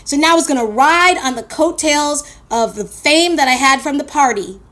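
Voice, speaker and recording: A woman from Queens, telling a personal story in a blunt, animated way and swearing freely. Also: high-pitched, normal speed. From Queens, New York.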